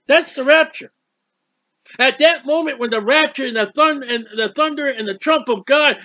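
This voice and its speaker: A man preaching a bible sermon, emphatic and repetitive, building to loud exclamations. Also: extremely high pitch, moderate pace, dry recording. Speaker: street preacher. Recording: dull muffled lo-fi audio.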